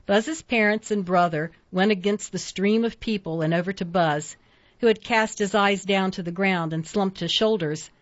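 A woman's voice: medium pitch, moderate pace, no echo. Woman reading a storybook aloud. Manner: steady reading, voicing each character. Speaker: narrator. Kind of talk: storybook narration. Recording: dull lo-fi dry recording.

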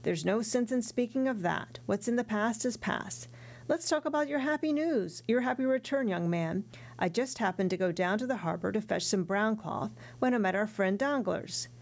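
Lady reading as a sly sucking-up tailor guy, gravelly voice, storybook. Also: medium pitch, expressive, moderate pace, natural voice. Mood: fawning. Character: coarse sly male tailor neighbor, twenties. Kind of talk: audiobook character reading.

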